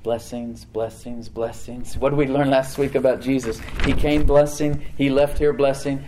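A male pastor preaching a sermon in church, animated, slowing down to stress words and acting out the voices he quotes. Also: medium pitch, slight background noise. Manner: animated preaching, slows for emphasis, acts out quoted voices and laughs.

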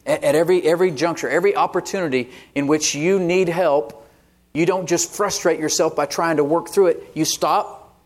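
A man's voice: on the high side, normal speed. A man preaching a sermon as pastor, conversational and often asking the congregation "Amen?". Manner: call-and-response "Amen?" asides, conversational.

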